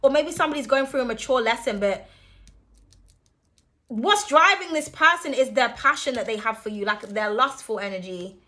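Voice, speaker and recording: A young woman runs through a tarot reading in a high, sharp, bright voice. She is chatty and blunt, swearing freely and laughing easily between her points. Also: expressive, moderate pace. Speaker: tarot reader.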